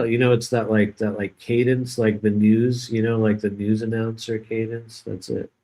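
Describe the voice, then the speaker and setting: Low-voiced sarcastic live streamer. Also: male voice, level tone, normal speed, hardly any pauses, warm tone, rough recording. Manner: rambling, joking, sarcastic. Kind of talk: casual live stream chat.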